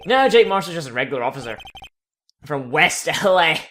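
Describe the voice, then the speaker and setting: A man's voice: on the high side, big pitch swings, brisk, a little hiss or hum. A man voicing a blustering, chummy police detective in a let's play. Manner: loud, bluff and chummy.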